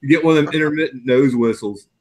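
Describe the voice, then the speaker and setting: A man's voice: medium pitch, fast talker, background noise. A man making dry, wry remarks as a guest on a live stream chat.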